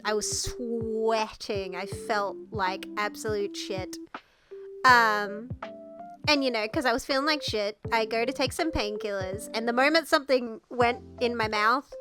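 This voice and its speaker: A young Australian woman streamer telling a story in casual chat while sick with the flu, coughing now and then, laughing often and swearing freely. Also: fairly high pitch. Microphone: headset mic.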